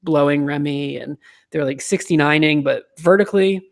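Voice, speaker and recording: A man hosting a relaxed, chatty conversation, with frequent fillers and restarts. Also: a little high, normal speed, gravelly. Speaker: host. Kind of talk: casual chat.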